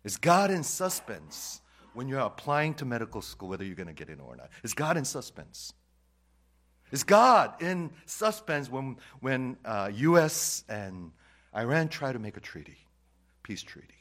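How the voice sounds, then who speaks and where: A male pastor preaching a sermon, repeating key phrases and swinging between loud declarations and quiet asides. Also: medium pitch, big pitch swings, a little slow.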